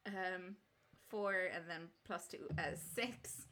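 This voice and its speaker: A woman playing a tabletop game, speaking in a quiet, amused, offhand way. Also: fairly low pitch, slow. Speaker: player. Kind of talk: casual tabletop play. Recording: loud background noise.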